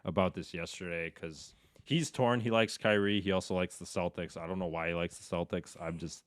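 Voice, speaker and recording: A man's voice: low voice, brisk, dry recording, clean studio sound. A man, a sports broadcaster guest, chatting casually and rambling with frequent restarts. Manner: rambling, many restarts, breaks into animated mock quotes. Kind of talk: casual chat.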